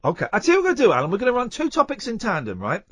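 A male radio host chatting and teasing his co-host, meandering from one story to the next. His voice is a little husky and swings up and down with plenty of life. The sound is dry and close, straight off a studio microphone. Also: sits high, wildly swooping pitch, very fast, fairly bright tone, no room sound. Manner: rambling, playful and teasing. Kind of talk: late-night radio banter.

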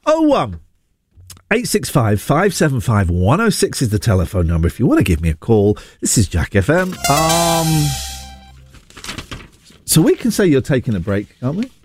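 A man's voice: medium pitch, wildly swooping pitch, moderate pace, a little mellow, faint music behind. A man hosting a radio phone-in, chatting casually with callers in a jokey, sarcastic, self-mocking way. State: getting a sore throat. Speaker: radio host. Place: radio studio. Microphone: studio microphone.

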